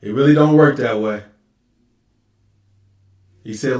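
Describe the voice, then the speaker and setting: High-voiced preacher, conversational and emphatic. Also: male voice, animated, normal speed, long pauses, darkish tone. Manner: conversational, emphatic, mocks excuses in lowered voice. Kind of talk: street-level sermon with scripture reading.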